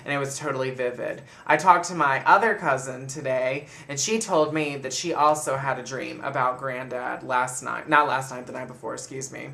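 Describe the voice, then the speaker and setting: Gravelly, bright-voiced man telling a story. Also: medium pitch, normal speed, hardly any pauses. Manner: chatty, animated retelling with frequent laughs. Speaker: vlogger. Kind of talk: casual storytelling monologue to camera.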